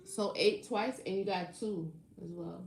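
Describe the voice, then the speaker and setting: Chatty woman with a gravelly voice. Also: lowish voice, fairly even intonation, measured pace. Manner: playful, chatty, reads comments aloud and banters. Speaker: tarot reader hosting a live stream. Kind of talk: casual live-stream chat with viewers. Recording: echoey room with faint music behind. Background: faint background music.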